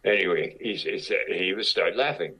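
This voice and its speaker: A man's voice: sits low, normal speed, pushed and bright, slightly rough, poor audio. A man, a guest actor, telling stories in casual talk and acting out other people's lines as he goes. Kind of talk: casual anecdotal storytelling.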